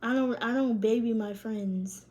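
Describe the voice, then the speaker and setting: A woman's voice: a little high, measured pace, noisy background. A young woman, doing a casual tarot reading in loose, profane slang and laughing often. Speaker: tarot reader.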